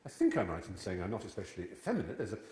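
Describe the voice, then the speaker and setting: A man's voice: deep voice, huge pitch swings, very fast, a little mellow. A man in his fifties, a guest speaker telling witty, digressive stories to a live audience. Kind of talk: storytelling talk to a live audience. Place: large church hall before an audience. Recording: echoey church hall.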